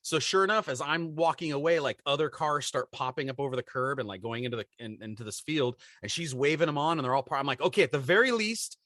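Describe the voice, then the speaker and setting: A man in his forties telling a story on a podcast in casual chat, animated and acting out the voices of people in it. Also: a little high, fast talker, hardly any pauses, dry recording, clean studio sound. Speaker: podcast co-host.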